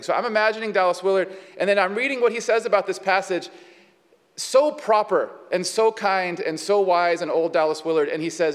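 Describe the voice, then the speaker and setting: A man's voice: high voice, brisk, in a large hall. A man preaching a sermon in a conversational way, with frequent fillers and rhetorical questions. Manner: conversational, with many fillers and asides. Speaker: pastor.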